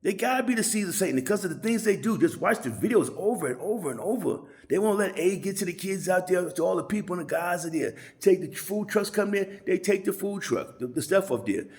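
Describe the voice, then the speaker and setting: A man's voice: high-pitched, expressive, fairly quick, hardly any pauses, a little mellow. A man talking in a rambling, profane monologue to his channel, often tagging his points with a question to the listener. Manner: rambling, profane, keeps asking "you know what I'm saying". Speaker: channel host. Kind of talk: casual ranting monologue.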